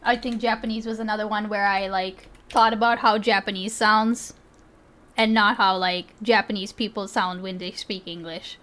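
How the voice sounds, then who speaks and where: A woman's voice: mid-range voice, steady tone, moderate pace, a bit bright. A woman streaming, reacting to clips in casual, rambling commentary, giggling and swearing freely.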